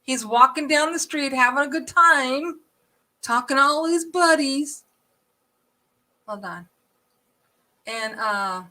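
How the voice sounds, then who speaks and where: Woman host, loose and jokey, high, bright tone. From California, USA. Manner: loose, joking, swears casually. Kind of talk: casual live stream chat.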